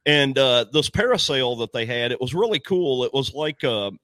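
Lively, bright-voiced man telling stories. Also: medium pitch, moderate pace, no echo. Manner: profane, animated storyteller who acts out the dialogue. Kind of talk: casual podcast chat.

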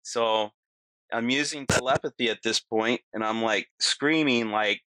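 A man telling a long personal story in casual chat, animated, acting out quotes and often adding "you know" and "right". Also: medium pitch, a little slow, smooth, no room sound.

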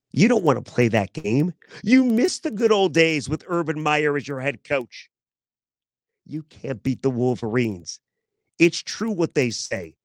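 Animated man hosting a sports podcast. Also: on the high side, dry recording. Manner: animated, teasing and rhetorical. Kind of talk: opinionated sports talk monologue.

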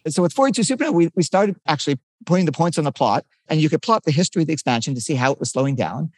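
A man's voice: fairly high pitch, animated, very fast, darkish tone, no room sound, studio quality. An older man, a physicist guest, explaining his research eagerly in a conversational interview, often restarting his sentences.

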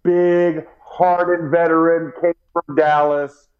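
A man's voice: a little high, flat delivery, slow pace, lo-fi sound, a crowd in the background. A man telling a funny locker-room story in casual chat, acting out his own reactions. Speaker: former football player.

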